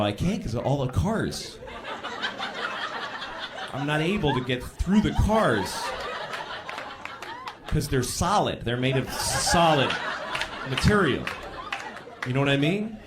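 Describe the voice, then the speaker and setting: Exasperated stand-up comic with big swings. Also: male voice, on the high side, noisy background. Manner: conversational, exasperated storytelling with acted-out voices. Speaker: stand-up comedian. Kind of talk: stand-up comedy set. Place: comedy club stage. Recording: live comedy club audience laughing.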